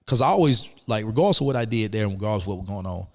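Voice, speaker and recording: A middle-aged man, a guest telling his story in an animated, emphatic way, full of "man" and "you know what I'm saying". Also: lowish voice, very fast, long reverb tail. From Atlanta, Georgia. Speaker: interview guest. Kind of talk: conversational storytelling.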